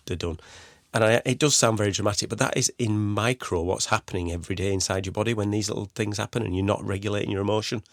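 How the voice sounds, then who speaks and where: Male podcast host, low gravelly voice, dry close sound, chatty and rambling. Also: dry recording. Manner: conversational, rambling with restarts and "you know". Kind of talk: solo podcast advice talk.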